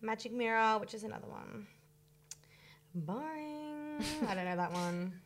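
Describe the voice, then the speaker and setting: A young woman, a guest on a casual podcast chat, giggly and reading items out loud. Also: medium pitch, steady tone, fast.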